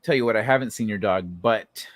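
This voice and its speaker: A man's voice: lowish voice, a little fast, dry recording. A young man hosting a late-night livestream, chatting with his viewers and telling stories in a loose, profane way. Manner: loose, profane storytelling, reads chat aloud, laughs often. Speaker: livestream host. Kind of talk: casual chat with live chat.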